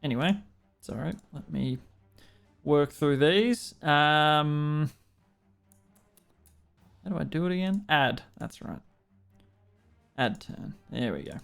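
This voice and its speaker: Slow, gravelly Australian game master. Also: male voice, a little high, animated, faint music behind. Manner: unhurried, fumbling with software between rulings. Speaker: dungeon master. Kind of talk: running a tabletop game online.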